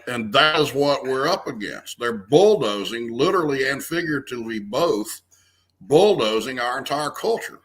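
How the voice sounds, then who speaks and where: The speaker is a man in his 50s from the American South, appearing as an earnest guest in a conversational interview. His mid-range voice has lively intonation and a moderate pace; he stresses key words and frequently starts phrases over. The recording is rough.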